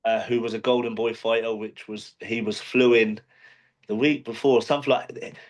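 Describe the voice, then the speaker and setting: A man in a casual interview, speaking at an ordinary mid pitch. He rambles through his story with fillers and restarts. His tone is plain and conversational. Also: little pitch movement, normal speed. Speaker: professional boxer, interview guest.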